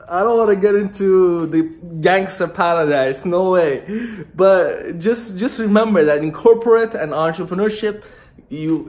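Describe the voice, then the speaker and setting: A young man from Iran, talking to camera in a loose, rambling vlog and often laughing. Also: high-pitched. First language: Farsi. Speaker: vlogger. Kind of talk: casual rambling monologue to camera.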